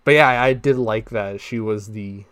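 A man's voice: on the low side, normal speed. A young man co-hosting a podcast, chatting casually about a movie and acting out lines from it with laughs. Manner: animated, acts out quotes with laughs. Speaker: podcast co-host. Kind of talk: casual movie review chat.

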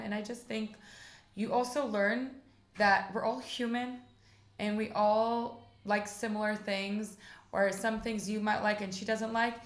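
An American woman in her forties talks in a chatty, upbeat way, full of "like" and "you know". Her mid-pitched voice has a gravelly, creaky texture. The sound is echoey, as if from a reverberant room. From United States. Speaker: interview guest, rabbi's wife. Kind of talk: casual conversational interview.

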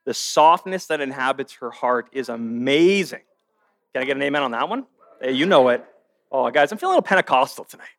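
A man giving a sermon at a church service to a live audience. He jokes with the crowd and then preaches earnestly, swinging between hushed and forceful. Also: medium pitch, expressive, a little fast, no room sound. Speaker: guest speaker.

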